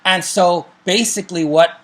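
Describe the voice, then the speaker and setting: Middle-aged man, co-host, somewhat high voice, casual jokey chat. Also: steady tone, normal speed. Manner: chatty, jokey, self-deprecating asides. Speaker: show co-host. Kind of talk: casual chat recommending TV shows.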